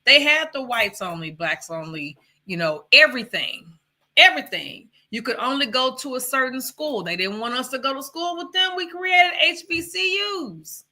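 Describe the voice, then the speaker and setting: A woman's voice: sits high, expressive, moderate pace, bright, forceful tone. A woman from Texas co-hosting a casual livestream podcast, talking in a rambling way and speaking to viewers. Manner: rambling and conversational, loses her thread and talks to viewers. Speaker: podcast co-host.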